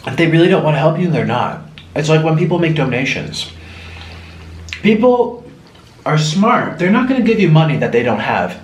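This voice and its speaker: A young man vlogs from a room at home, rambling casually in a monologue while eating and often mimicking other people in a raised voice. His voice is on the high side, the room is echoey, and there is slight background noise.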